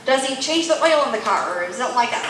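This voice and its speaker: A woman's voice: fairly high pitch, expressive, fast. A woman teaching a room of women, telling stories with acted-out dialogue and bursts of laughter. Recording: strongly echoey room with faint noise.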